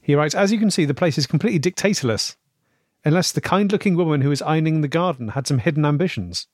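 A man's voice: a little high, lively intonation, fast, dry recording. Man reading emails, dry close sound. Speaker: podcast co-host reading listener emails. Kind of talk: casual chat, reading letters aloud.

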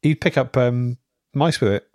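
A man's voice: medium pitch, normal speed, darkish tone, dry recording. A man co-hosting a casual podcast chat, telling stories in a dry, wry way. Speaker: podcast co-host.

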